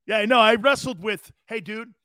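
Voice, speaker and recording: A man in his fifties hosting a live show, chatting casually as an animated storyteller who chuckles often. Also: high voice, measured pace, no room sound, clean studio sound. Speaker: show host. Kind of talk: casual livestream talk.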